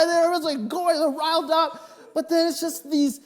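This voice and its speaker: A male pastor preaching a sermon, telling personal stories in an animated, joking way. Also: very high voice, brisk. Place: church sanctuary. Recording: long reverb of a church hall.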